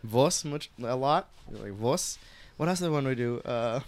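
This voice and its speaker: A man's voice: medium pitch, expressive, normal speed. A young man co-hosting a podcast, joking and rambling in casual chat. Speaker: podcast co-host.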